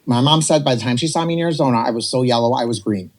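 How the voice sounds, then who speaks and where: A man in his forties telling a personal story on a podcast, animated and rambling, slipping into voices to act out what others said. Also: medium pitch, racing. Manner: animated, rambling, jumps between quoted voices. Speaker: podcast guest. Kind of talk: casual storytelling.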